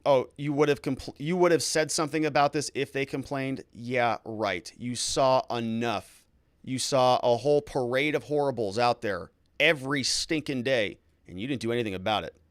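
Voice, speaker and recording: A man breaking down a courtroom trial as a legal commentator, his pitch leaping up and down as he acts out the questioning. His voice sits a bit high for a man. The recording is close and dry, with no room sound. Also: no room sound. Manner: animated, incredulous, acts out questions.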